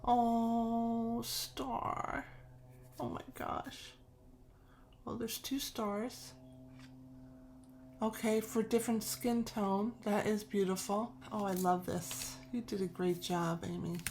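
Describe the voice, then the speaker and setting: A woman's voice: mid-range voice, steady tone, a little slow, a little mellow, slight background noise. A middle-aged woman with a New York accent, chatting casually in a vlog, gushing and laughing often. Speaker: tarot deck collector and reviewer.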